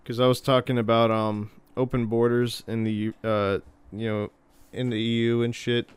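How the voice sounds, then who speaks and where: A man's voice: mid-range voice, flat delivery, moderate pace. A laid-back man in a casual group chat who offers facts and swears casually.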